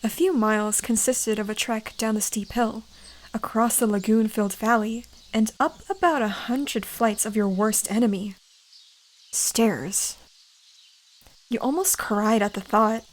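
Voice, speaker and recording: Soft-voiced woman reading, whispered role-play. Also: mid-range voice, steady tone, a little slow. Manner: soft, gentle storytelling. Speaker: fanfiction reader.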